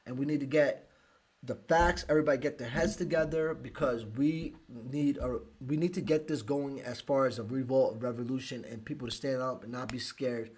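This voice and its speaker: A man from the United States hosting a live podcast, speaking emotionally with halting restarts and sighs. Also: mid-range voice, steady tone, a little mellow. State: emotional, close to tears. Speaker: podcast host.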